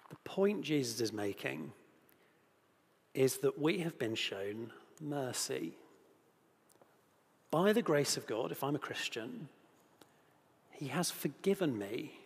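A man delivers a sermon at an unhurried, deliberate pace, reading out scripture and pressing his point with rhetorical questions. His voice sits at an ordinary middle pitch. It rings out with a long reverb, as if in a large church. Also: creaky, slightly rough. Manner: earnest, asks rhetorical questions, grows animated at moments. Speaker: preacher.

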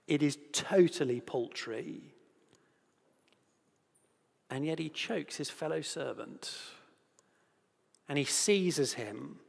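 A man's voice: fairly high pitch, slow, creaky, pauses often, husky. A man preaching a sermon and reading scripture, earnest and given to rhetorical questions. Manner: earnest, asks rhetorical questions, grows animated at moments. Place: church. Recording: long reverb of a large hall.

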